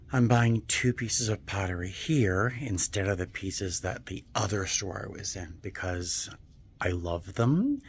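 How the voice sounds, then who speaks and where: Slow, gravelly man gushing over antiques. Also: low-pitched, slight background noise. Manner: gushing, muses aloud, slips into soft near-whispers. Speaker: vlogger. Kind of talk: casual vlog narration while shopping. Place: antique and vintage shops.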